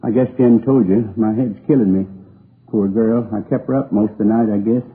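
A hurt older husband, plaintive and weary, his voice somewhat low and husky. It comes through a thin, narrow old radio sound. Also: fairly even intonation, moderate pace. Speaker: injured tavern owner. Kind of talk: 1950s radio police drama.

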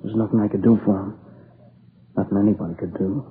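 An actor playing a grieving, exhausted young man who recounts an attack in a halting, shaken voice, in a 1950s radio crime drama. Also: on the low side, steady tone, natural voice. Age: young adult. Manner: shaken, halting, near tears. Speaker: robbery and murder witness. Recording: tinny old radio broadcast, faint hiss.

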